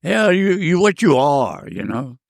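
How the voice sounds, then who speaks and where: Gravelly, slow-talking man in his nineties. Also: a little high, sing-song, no echo, clean studio sound. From South Louisiana. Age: 90s. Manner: rambling, repeats words and restarts. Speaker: guest. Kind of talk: casual storytelling interview.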